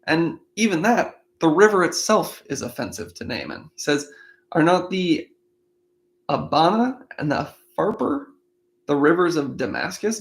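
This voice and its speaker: A man with a slightly raised pitch reads scripture passages aloud for a daily Bible plan. Between readings he shifts into relaxed, conversational commentary, thinking aloud about what the passage means. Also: creaky. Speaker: Bible study host.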